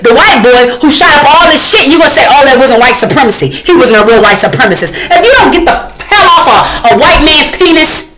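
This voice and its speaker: A woman's voice: fairly high pitch, rough recording. A woman hosting a reaction commentary, talking in an angry, confrontational and profane way. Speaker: commentary host.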